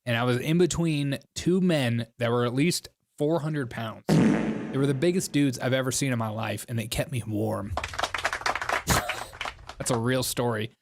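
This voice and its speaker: A man's voice: mid-range voice, a little slow, background noise. A man hosting a live stream, reacting to election coverage with sarcastic asides and frequent laughter. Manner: sarcastic, laughs often, talks over the broadcast. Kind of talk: casual livestream commentary.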